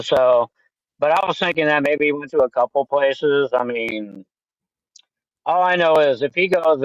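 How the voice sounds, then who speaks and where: A relaxed man chats casually and thinks aloud. His voice is dry and close. The sound is somewhat dull and lo-fi. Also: medium pitch, no room sound. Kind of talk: casual chat.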